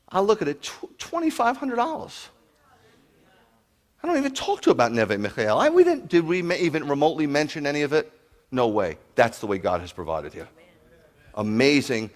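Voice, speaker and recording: A man preaching to his congregation, animated, telling stories and asking the crowd questions. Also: fairly high pitch. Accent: New York. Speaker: pastor. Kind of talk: sermon to a congregation.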